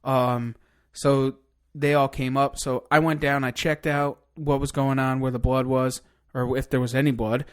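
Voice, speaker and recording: A man telling a long hunting story in casual podcast chat, excited and cursing freely. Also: mid-range voice, a little slow, smooth. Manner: excited, swears a lot, rambling hunting story. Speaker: podcast guest.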